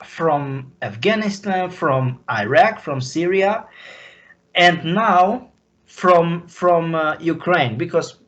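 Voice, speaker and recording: Impassioned man, slow-spoken. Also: on the high side, lively intonation, fairly bright tone, highs cut off. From Slovakia. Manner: impassioned, halting. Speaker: guest. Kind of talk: emotional interview talk.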